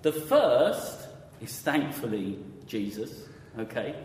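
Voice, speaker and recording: A man's voice: medium pitch, big pitch swings, takes it slowly, darkish tone, a little hiss or hum. A man preaching a conversational sermon, often quizzing his audience with questions. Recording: echoey hall with long reverb.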